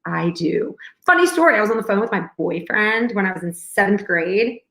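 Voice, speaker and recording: A woman's voice: mid-range voice, sing-song, moderate pace, fairly bright tone. A young adult woman co-hosting a casual chat and telling stories, acting out the dialogue as she goes. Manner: chatty storyteller, acts out dialogue. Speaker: co-host. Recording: echoey room.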